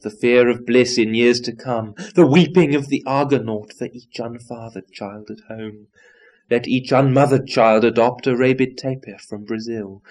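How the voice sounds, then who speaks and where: A man reciting a long nonsense poem, declaiming with big swings between soft and loud lines. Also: medium pitch. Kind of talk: dramatic recitation of nonsense verse.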